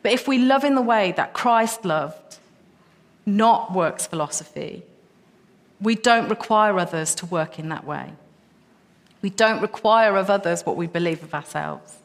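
A woman's voice: medium pitch, lively intonation, unhurried. A woman preaching a sermon, passionate and emphatic, her voice rising into repeated questions. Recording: long reverb of a hall.

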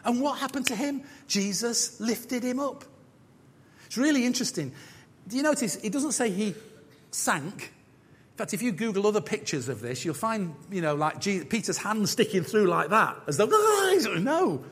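Animated preacher in a reverberant hall. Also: male voice, sits high, normal speed, slightly rough. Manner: animated, acts out voices, jokey asides. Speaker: pastor. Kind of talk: sermon. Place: church. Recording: church hall with long reverb.

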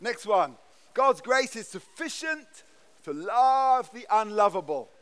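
A pastor preaches in a church with a high-pitched, smooth, somewhat bright voice, lively intonation and a slow pace. He is earnest and emphatic, often stammering and restarting his words.

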